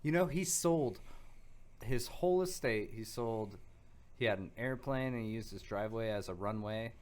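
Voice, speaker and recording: A man's voice: fairly low pitch, normal speed, slight background noise. Rambling man co-hosting a casual podcast. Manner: rambling, full of fillers and restarts. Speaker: podcast co-host. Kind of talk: casual chat.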